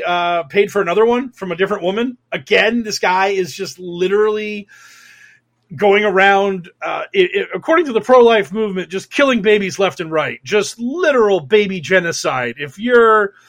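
High-pitched young man, podcast host, sarcastic, swears a lot, stammers and restarts, fired up. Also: a bit bright. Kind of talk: casual political podcast rant.

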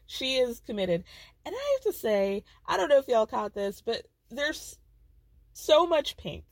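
A woman's voice: on the high side, dry recording. A woman hosting a casual podcast, recapping reality TV in a gossipy, chatty way and laughing often.

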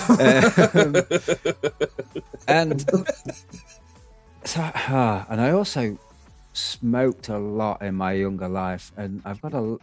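A man's voice: lowish voice, faint music behind. A man co-hosting a casual podcast, speaking hesitantly with many fillers. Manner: hesitant, halting, filler-heavy. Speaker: podcast co-host. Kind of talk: casual chat.

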